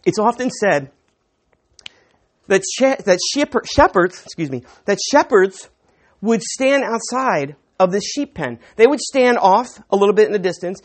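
A man preaching to a live audience in a room. His pitch swings widely as he teaches in a chatty way, posing rhetorical questions and often restarting phrases. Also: sing-song, measured pace. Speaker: pastor. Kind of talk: sermon.

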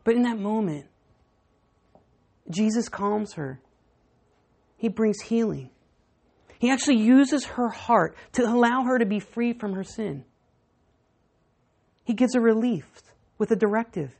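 A woman pastor preaching a sermon, telling stories and moving between hushed and emphatic delivery. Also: on the high side, measured pace, vocal fry, pauses often. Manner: storytelling, animated, swinging between hushed and emphatic.

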